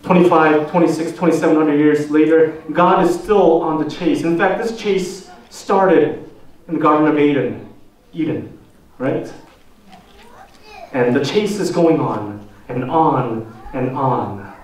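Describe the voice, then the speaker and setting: A male pastor preaches slowly and with weight, leaving space between his phrases. His voice sits a little high for a man and sounds set back from the microphone. It carries through a very echoey church sanctuary. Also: recorded from a distance. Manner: slow, deliberate preaching with rhetorical questions. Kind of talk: sermon. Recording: echoey church hall, voice from off the mic.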